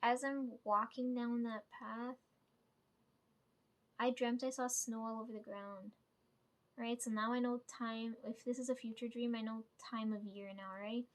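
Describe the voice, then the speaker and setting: A woman's voice: on the high side, flat delivery, a little slow. A woman casually retelling a dream in a rambling way, often checking in with "right?" and swearing freely. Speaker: vlogger.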